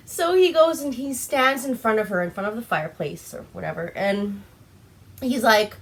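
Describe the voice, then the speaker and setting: A woman's voice: on the high side, a little slow, a bit bright. A young woman from Alaska casually recapping a movie, tipsy on wine, giggling often and swearing freely. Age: young adult. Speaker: vlogger.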